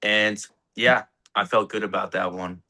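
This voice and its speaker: Laid-back young man with a bright voice. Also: lowish voice, steady tone, measured pace. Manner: laid-back, rambling, laughs often, swears casually. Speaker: actor guest. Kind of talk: casual interview chat.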